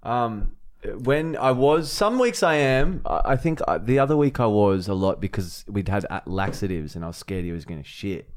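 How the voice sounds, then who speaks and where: An Australian man co-hosting a podcast, making deadpan, dry asides in crude casual banter. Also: lowish voice, normal speed. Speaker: podcast co-host.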